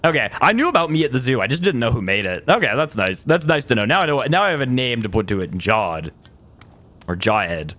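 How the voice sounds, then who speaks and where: A man's voice: medium pitch, big pitch swings, brisk, a bit bright. Rambling man streaming a game. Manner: rambling, self-correcting, trails off and laughs. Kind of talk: casual livestream chat while gaming.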